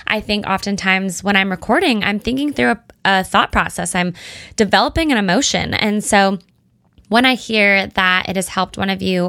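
A woman's voice: medium pitch, fairly bright tone, no room sound. A young adult woman hosting her own podcast, chatting upbeat and thinking aloud on a close mic. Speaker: podcast host. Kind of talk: solo podcast chat.

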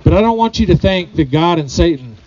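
A man's voice: on the high side, lively intonation, fairly quick, highs cut off, background noise. A man preaching a sermon to his congregation, earnest, often repeating phrases and putting questions to the people. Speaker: pastor.

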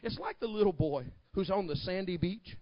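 A man preaching a sermon in a high voice, swinging from shouted climaxes to hushed storytelling. The recording is dry and dull, with a lo-fi sound. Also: lively intonation, normal speed, dry recording. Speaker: pastor.

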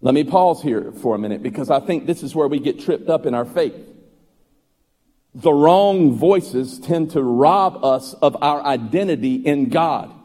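A man preaching a sermon as pastor, building to loud, ringing emphasis. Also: fairly high pitch, lively intonation, a little slow. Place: church sanctuary. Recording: long hall reverb with faint music.

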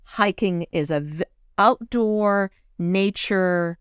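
Middle-aged woman, lively storyteller, mid-pitched voice, dry close sound. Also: slow, smooth, no echo. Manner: animated storytelling, gets emotional. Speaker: co-host. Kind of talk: casual chat.

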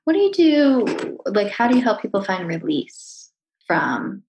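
Chatty, gravelly-voiced woman therapist. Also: medium pitch, unhurried, a little hiss or hum, low-quality recording. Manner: animated, chatty, swears freely. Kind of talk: casual conversation.

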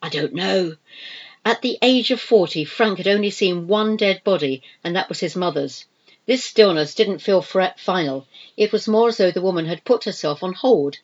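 A woman reading a novel aloud in expressive, measured scripted narration. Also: medium pitch, lo-fi sound. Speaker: audiobook narrator.

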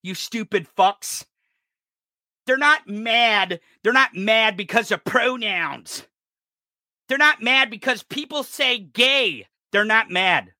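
A male podcast host delivering an angry, profane political rant, often shouting. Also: high voice, animated, slow pace, dry recording, studio quality.

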